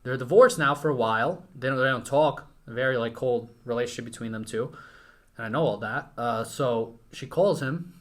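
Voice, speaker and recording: A young man from Ukraine, a podcast guest, telling a story with excitement and casual swearing. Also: medium pitch, moderate pace. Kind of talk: animated storytelling.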